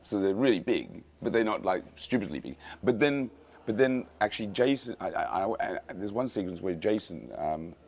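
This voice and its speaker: A man's voice: on the low side, expressive, normal speed, darkish tone. A man directing a film, interviewed on set, talking casually and enthusiastically with many repeated starts and fillers. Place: film location in a tropical cave.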